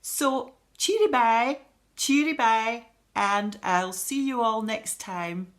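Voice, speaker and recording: A woman singing show tunes and then chatting warmly to her viewers in a theatrical, heartfelt and effusive way. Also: a little high, takes it slowly. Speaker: club member performing songs.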